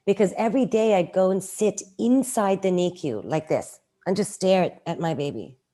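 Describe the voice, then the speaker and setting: A middle-aged woman telling a personal story in a casual interview, animated and acting out quoted lines. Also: moderate pace. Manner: animated, acts out quoted lines with raised pitch. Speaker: guest.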